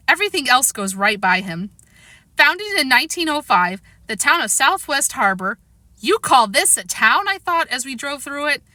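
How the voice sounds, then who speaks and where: A woman narrating a children's chapter book aloud with expressive delivery. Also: a little high, no echo. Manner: lively, expressive. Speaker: audiobook reader. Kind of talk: storybook narration.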